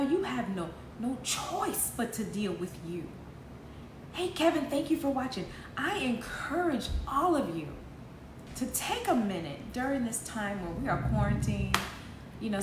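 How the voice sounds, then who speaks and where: A woman in her forties talks like a preacher on a livestream, passionate and emphatic, dropping low and soft and then rising loud again, laughing now and then. Her voice sits a bit high. The room is echoey, with a faint hiss of noise behind her. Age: 40s. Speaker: host of an online faith talk.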